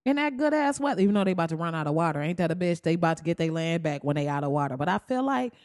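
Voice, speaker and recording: A woman hosting a comedic podcast, talking bluntly and profanely and jumping up into high exclamations. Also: lively intonation, rapid-fire, darkish tone, no room sound, studio quality. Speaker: podcast host.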